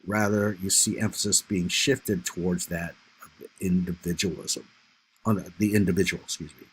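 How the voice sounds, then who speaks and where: A man with a deep, low voice that has a husky, slightly rough grain delivers a history lecture over slides. He talks casually, filling his points with "you know" and "right?", and sounds like he is speaking straight to his students. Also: fairly even intonation, normal speed, low-quality recording.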